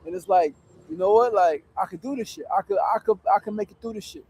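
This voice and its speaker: A man's voice: high-pitched, fast, warm tone, low-quality recording. A middle-aged man hosting a livestream outdoors, talking in an emphatic, profane, preachy way about staying disciplined. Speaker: livestream host on a public fast. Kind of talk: casual motivational livestream talk. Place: outdoors on a city street. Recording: faint urban street noise.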